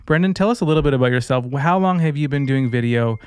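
Chatty upbeat guy hosting a podcast, smooth voice, dry close sound. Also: mid-range voice, fast, a little mellow, no echo. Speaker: podcast host. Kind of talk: casual podcast chat.

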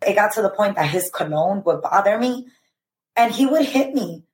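A woman in her thirties speaks as a podcast guest with a middle-pitched voice. She retells her story earnestly and haltingly, leaning on "like" and "I remember" as she restarts her sentences. The recording has a roomy echo. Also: expressive. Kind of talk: personal storytelling.

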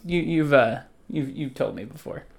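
A man's voice: a little high, normal speed, vocal fry. Young man, casual podcast banter, rambling, teasing, swears. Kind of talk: casual chat with a friend.

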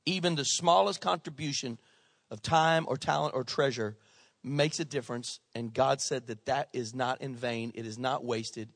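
A man's voice: medium pitch, normal speed, gravelly, fairly bright tone, no room sound, clean studio sound. A male pastor preaching a sermon with passion and conversational humor.

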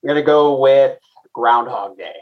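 A man chatting casually as a quiz contestant, relaxed with dry humor. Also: mid-range voice, normal speed, muffled recording. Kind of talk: casual podcast chat.

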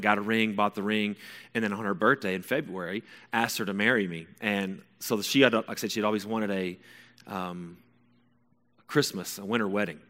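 A man in his forties telling a personal story to an audience, rambling and correcting himself, with bursts of excitement. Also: in a large hall. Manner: rambling and self-correcting, bursts of high excitement when reenacting.

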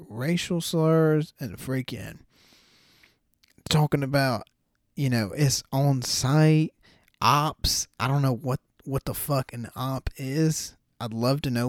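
A young man hosting a casual combat sports podcast, animated and incredulous, swearing freely. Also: mid-range voice, no echo, clean studio sound. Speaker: podcast host.

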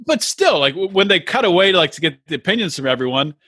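A man co-hosting a podcast, excitable and stumbling over fillers in casual chat. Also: high voice, fast, slightly rough, no echo, studio quality. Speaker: podcast co-host.

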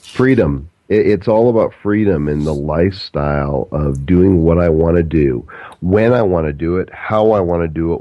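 A man's voice: low-pitched, no room sound, dull audio. A man being interviewed as an entrepreneur and speaker, talking in an upbeat, expansive way and repeating words as he thinks. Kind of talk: conversational interview answers.

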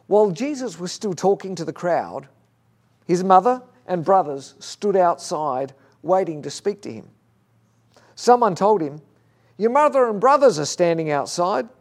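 A high-pitched man delivers a sermon. He talks casually and tells stories with animated restarts. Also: unhurried. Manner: conversational, animated storytelling with restarts. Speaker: pastor.

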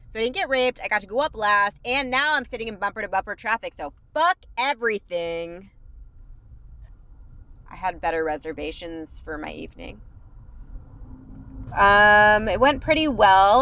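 A woman's voice: mid-range voice, fairly bright tone. Profane woman ranting while driving. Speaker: comedian podcast host. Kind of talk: ranting car vlog. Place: car in freeway traffic at night.

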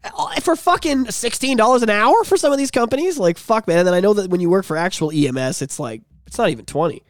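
A man's voice: high voice, animated, fast, dry recording. A man co-hosting a podcast in casual chat, a profane storyteller who acts out the voices of people in his stories. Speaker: podcast co-host.

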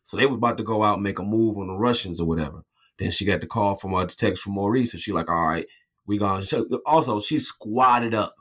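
A man co-hosting a casual comic review, talking in an animated, profane way and acting out scenes with put-on voices. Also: on the low side, fast talker, husky. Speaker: podcast co-host reviewing a comic. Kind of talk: casual chat.

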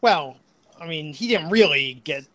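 A man's voice: fairly high pitch, lively intonation, unhurried, fairly bright tone. A man co-hosting a wrestling podcast, talking hesitantly with many ums. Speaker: podcast co-host. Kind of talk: casual wrestling chat.

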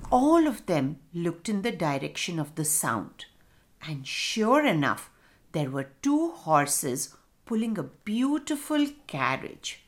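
A woman narrating a children's story in a slow, expressive storytelling manner. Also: on the low side, slight background noise.

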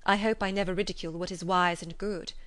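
A woman voicing a witty, frank young woman with a lively, ironic way of talking. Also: on the low side, fast, no room sound, lightly acted. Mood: teasing.

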